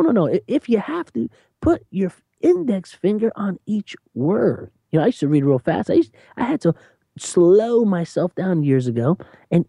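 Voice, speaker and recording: An animated preacher who talks emphatically in conversation, laughing between points and slowing down to stress key phrases. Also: mid-range voice, vocal fry, husky, dry recording, clean studio sound. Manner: lively, emphatic, repeats "you know what I'm saying".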